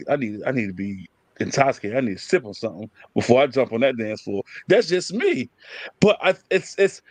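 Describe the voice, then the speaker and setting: A man's voice: medium pitch, no echo. A man in his late twenties hosting a casual podcast chat, telling stories with lots of energy and acting out the voices he quotes. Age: 20s. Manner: animated storytelling, acts out quoted voices. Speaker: podcast host.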